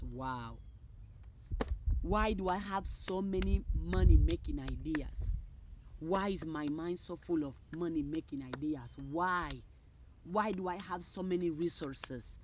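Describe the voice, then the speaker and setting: A woman reciting upbeat affirmations in an exuberant, repetitive manner, with loud bursts. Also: on the low side, a little slow, background noise. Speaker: motivational creator. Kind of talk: spoken affirmations.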